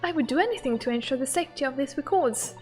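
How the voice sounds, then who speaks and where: A woman's voice: high voice, lively intonation, fast, darkish tone, soft background music. A woman reading an earnest, devoted young assistant. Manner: polite, formal reading of game lines.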